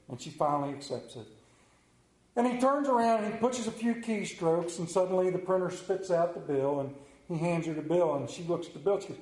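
A man's voice: on the high side, expressive, a little fast, darkish tone. A man pastoring a church, telling a joke story in a folksy manner and then reading a psalm aloud. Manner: folksy storyteller, drawling humor. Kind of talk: sermon with jokes and scripture reading. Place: church sanctuary. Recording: echoey church room.

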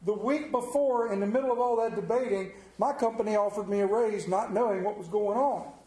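In a church sanctuary, a high-voiced lay preacher delivers a conversational sermon full of folksy, funny stories. His delivery is brisk and mellow, and the sound carries a roomy church echo.

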